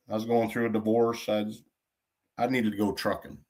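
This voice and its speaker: A man's voice: on the low side, flat delivery, fast, darkish tone. Blunt, folksy middle-aged man. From Michigan. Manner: blunt storytelling with frequent cursing; folksy trucker slang. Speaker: podcast host. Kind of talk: casual podcast monologue.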